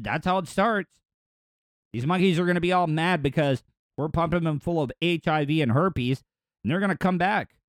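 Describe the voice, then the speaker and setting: A man hosting a podcast who riffs on news clips in a rambling, crude, joking way. His voice sits fairly high for a man. The sound is dry and close, with no room in it. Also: no room sound. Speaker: podcast host. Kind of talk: casual comedic commentary over news clips.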